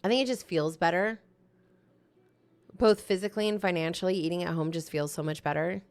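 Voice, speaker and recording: A woman's voice: on the low side, a little fast. A woman hosting a live co-working stream, chatting casually and reacting eagerly to her viewers' messages. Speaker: livestream host.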